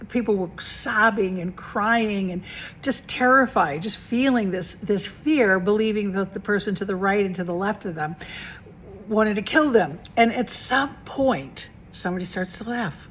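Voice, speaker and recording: A woman's voice: mid-range voice, unhurried, a little hiss or hum. Chatty woman coaching viewers to camera. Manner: chatty, asks the viewer rhetorical questions, repeats phrases for emphasis. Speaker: mentor and coach. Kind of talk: casual spiritual self-help vlog.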